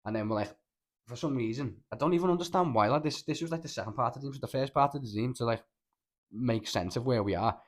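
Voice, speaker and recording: A Liverpool-accented man co-hosts a casual podcast, talking quickly at a medium pitch. He tells a long, rambling story packed with filler words and swearing.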